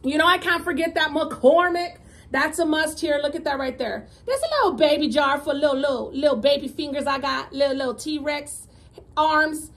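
A woman with a high voice chats with her viewers at the table, upbeat and warm toward them, dropping Spanish words into her English. She sounds like a casual home vlog caught on a camera mic. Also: moderate pace. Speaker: mukbang vlogger.

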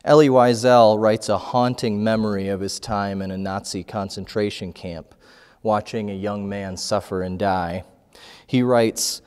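A man preaching a sermon as pastor, slow and measured, reading scripture passages aloud. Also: on the low side, darkish tone, clean tone, long reverb tail. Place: church sanctuary.

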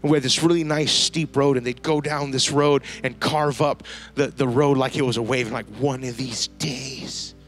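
A man preaching a sermon to a church congregation, telling a lively story and using casual slang. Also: medium pitch, fairly quick, few pauses, soft background music. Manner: storytelling, animated, slangy asides. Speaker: pastor. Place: church service before a congregation.

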